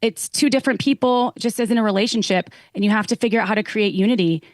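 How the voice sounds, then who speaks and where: Speaking fast at a medium pitch, this woman is a podcast guest and sex educator chatting casually but earnestly. She performs the lines she quotes, and her middle-range voice comes through close and dry with no room sound at all.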